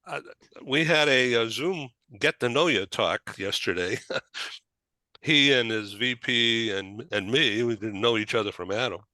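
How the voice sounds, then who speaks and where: A man hosting a talk show in a loose, rambling way, with a Boston accent. His voice is bright and forward, and it sounds dry and close to the mic with no room echo. He talks at a middle pitch and restarts his sentences often. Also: measured pace. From Boston area, USA. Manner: rambling, chatty, many restarts. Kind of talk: casual chat.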